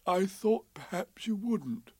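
A man voicing a slow, gentle, dreamy male bear in a storybook, speaking softly and ponderously. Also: sits high, animated, husky, no echo, voice pushed up, full character voice.

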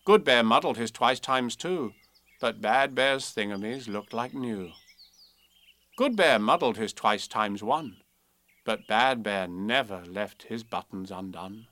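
A man reading children's poems and a storybook aloud in a measured, expressive way. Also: fairly low pitch, dry recording. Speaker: narrator.

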